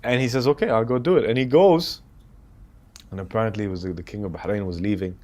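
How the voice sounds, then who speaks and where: In a casual interview, a man in his thirties who directs films and comes from the UAE recounts anecdotes with animation, acting out other people's words. He talks fast, and his voice is on the low side.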